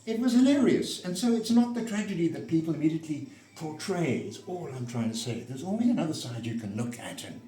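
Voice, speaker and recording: A man's voice: fairly high pitch, very animated, brisk, few pauses, warm tone. A man in his sixties telling a personal story in a rambling way, often digressing and restarting his sentences. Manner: digressive, self-interrupting, with frequent restarts. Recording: roomy echo, mic set far off.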